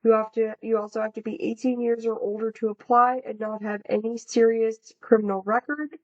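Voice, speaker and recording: Young American woman, podcast co-host reading facts casually; a touch high, muffled lo-fi audio. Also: flat delivery, fairly quick. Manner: chatty, reads facts with casual fillers. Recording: dull lo-fi sound.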